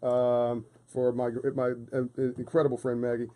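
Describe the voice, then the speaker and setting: A male guest in a radio studio speaks at normal speed in a mid-range, warm voice, though his delivery is completely flat. The talk is a casual interview, yet he is passionate and emphatic, with a preaching cadence and repeated phrases for force.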